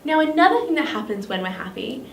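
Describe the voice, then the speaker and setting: Aussie lady teaching kids drama, bright sing-song voice, kinda high, echoey room. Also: sing-song, fast talker, gravelly. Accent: Australian. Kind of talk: children's drama lesson. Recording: echoey room, mic at a distance, faint noise.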